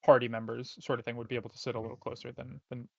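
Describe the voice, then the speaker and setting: A man's voice: medium pitch, flat delivery, racing, vocal fry, a bit bright, dry recording. Casting: easygoing male game master, mid-range voice, dry, lo-fi sound. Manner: laid-back and rambling, many "like"s. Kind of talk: narrating a tabletop game.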